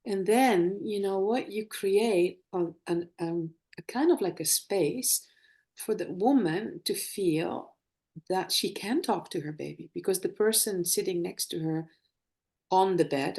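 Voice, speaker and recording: A middle-aged woman, a former nurse and birth educator, talking in a live conversation and telling lively stories from her practice. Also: fairly low pitch, unhurried, vocal fry. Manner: animated storytelling, acts out quoted dialogue.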